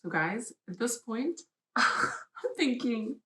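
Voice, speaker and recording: A woman's voice: a little high, big pitch swings, takes it slowly, bright, forceful tone, roomy sound, rough recording. Emotional woman telling her story. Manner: emotional, dramatic retelling. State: pregnant. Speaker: vlogger. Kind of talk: personal story vlog.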